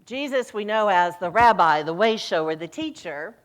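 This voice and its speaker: Woman, minister, sermon, animated storytelling, middle-aged. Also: medium pitch, moderate pace. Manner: lively storytelling, voice rising and falling, acts out quoted lines. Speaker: senior minister.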